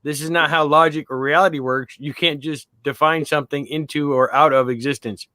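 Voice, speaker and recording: A man's voice: fairly high pitch, steady tone, brisk, pushed and bright, dry recording. A man in a casual chat, dry and matter-of-fact. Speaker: guest.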